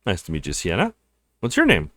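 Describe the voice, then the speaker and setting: A man's voice: deep voice, huge pitch swings, fairly quick, a bit bright, voice pushed down, heavily acted. A man voicing an easygoing, chatty young male law student in a visual novel. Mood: friendly. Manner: friendly and chatty.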